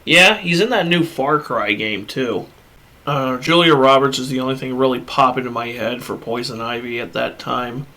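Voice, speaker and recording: A man hosting a laid-back movie discussion, and his voice comes across bright and forceful. He rants bluntly with plenty of swearing, recorded close on a USB podcast microphone. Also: mid-range voice, normal speed. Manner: blunt, profane ranting. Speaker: podcast host.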